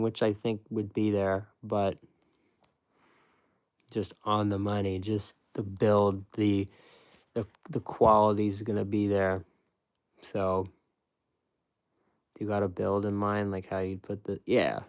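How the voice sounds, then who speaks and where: A man with a fairly low voice walks through his method step by step. He repeats phrases for emphasis and restarts his sentences often, in a loose, casual way. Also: darkish tone. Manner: explains step by step. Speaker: former sandwich shop worker. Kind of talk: casual explanation.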